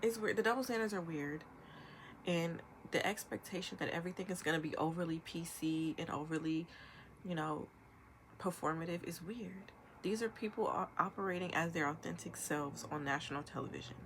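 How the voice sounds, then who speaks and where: A woman's voice: fairly low pitch, slight background noise. Emphatic young woman ranting on camera. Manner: emphatic, rapid-fire, animated with imitated quotes. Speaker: vlogger. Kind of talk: ranting commentary.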